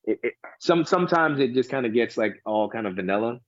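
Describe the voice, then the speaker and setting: A man from the United States chatting casually as a podcast guest, rambling with lots of restarts and animated asides. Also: mid-range voice, a little fast, no room sound. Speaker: guest DJ and tennis fan. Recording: dull lo-fi dry sound.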